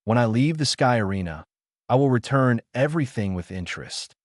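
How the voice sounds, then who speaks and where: A man's voice: mid-range voice, expressive, brisk, dry recording, studio quality, lightly acted. A man voicing a confident, easygoing young man in an audiobook, speaking in a light, teasing way.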